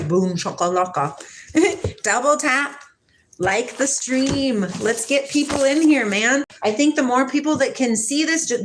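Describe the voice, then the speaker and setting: Hosting a laid-back spiritual livestream, a Washington state woman in her forties reads viewer comments and chats with them in a soft, affectionate manner, laughing frequently. Her voice is on the high side, with slight background noise.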